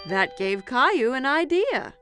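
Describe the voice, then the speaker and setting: A woman narrating a preschool cartoon story in a clear, expressive storytelling manner. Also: high voice, a little slow, faint music behind.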